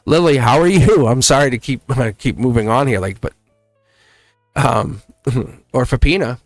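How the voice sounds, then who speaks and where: A man hosting a live tarot reading, talking in a chatty, excited way, laughing often and acting out voices as he reads the cards. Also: medium pitch, normal speed, no room sound, soft background music.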